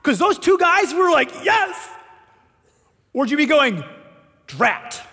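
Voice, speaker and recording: A man preaching a sermon, telling a story with animated, emphatic delivery and voiced quotes. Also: very high voice, brisk. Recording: long hall reverb.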